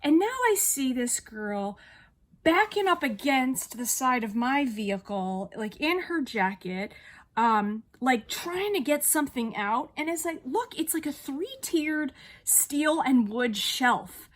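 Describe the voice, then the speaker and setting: A young woman vlogger telling an angry story, still riled up, swearing and animated as she retells it. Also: sits high, takes it slowly. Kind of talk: emotional vlog storytelling.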